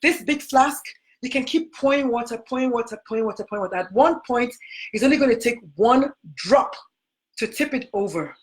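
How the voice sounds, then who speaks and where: A woman's voice: fairly high pitch, animated, fairly quick. Emphatic Nigerian woman, preacherly. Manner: preacherly, emphatic, repeats phrases. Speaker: physician host. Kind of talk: motivational talk.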